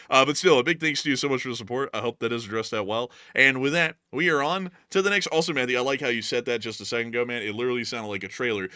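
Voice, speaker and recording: A man hosting a casual livestream news show, jokey and quick to laugh. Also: mid-range voice, bright, forceful tone, no room sound, clean studio sound. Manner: jokey, laughs often, repeats sign-off phrases.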